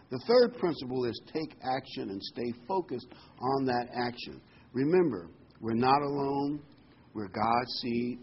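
A man's voice: medium pitch, highs cut off, a little hiss or hum. A man preaching a sermon in a folksy way, with corny jokes and frequent ums.

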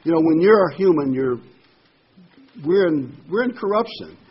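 Older man preaching, reading scripture slowly. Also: fairly high pitch, lively intonation, slightly rough. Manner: reads verses slowly and emphatically. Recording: dull lo-fi with faint noise.

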